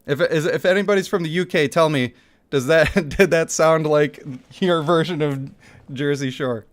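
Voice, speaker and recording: Speaking at normal speed in a slightly high voice, a young man chats casually during his mobile-game livestream. He is animated, laughs a lot, and reads both chat and donations aloud to his viewers.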